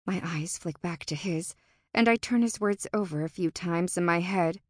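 A woman narrating a first-person fantasy audiobook in an expressive, tense and dramatic manner. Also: lowish voice, normal speed, no echo, clean studio sound.

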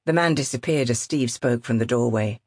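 A woman narrating a novel in a measured, expressive reading. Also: extremely low pitch, breathy edge, dry recording, clean studio sound. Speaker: audiobook narrator. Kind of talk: scripted narration.

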